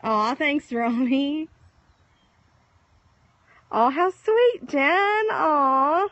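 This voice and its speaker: A woman's voice: high voice, drawn-out words, long pauses, a bit bright, dry recording, highs cut off. Chatty woman live-streaming outdoors. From Texas. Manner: chatty, greets viewers by name. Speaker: livestream host. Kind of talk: casual live-stream chat. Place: outdoors in the countryside at sunset.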